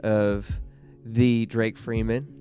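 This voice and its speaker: A man's voice: fairly low pitch, flat delivery, extremely slow, mellow, clear, resonant tone, faint music behind. A man co-hosting a podcast in casual chat, easygoing, with short agreeing replies. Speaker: podcast co-host.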